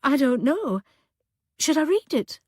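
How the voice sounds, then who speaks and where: A woman voicing a shaken, grieving woman who speaks hesitantly and near tears, pitched higher than her narration. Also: big pitch swings, unhurried, no room sound, studio quality. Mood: fragile.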